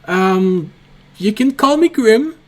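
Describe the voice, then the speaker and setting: Tabletop game role: a timid little male kobold, stuttering apologies, as a man puts him on; unhurried, raised pitch. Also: animated, darkish tone. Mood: nervous. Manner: stammering, apologetic. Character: small nervous frail male kobold.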